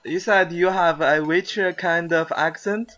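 A man who speaks Chinese natively, hosting an interview podcast in careful, halting English. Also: a little high, steady tone, sharp tone, faint music behind. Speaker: podcast host.

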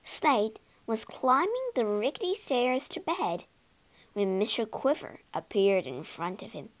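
Expressive woman reading a storybook. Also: fairly high pitch, measured pace. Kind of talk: storybook narration for learners.

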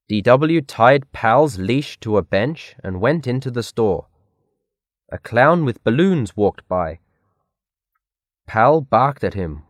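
Slow, careful storybook reader, a man. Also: medium pitch, big pitch swings, dry recording. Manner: slow, careful read-aloud delivery. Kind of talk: scripted narration of a children's story.

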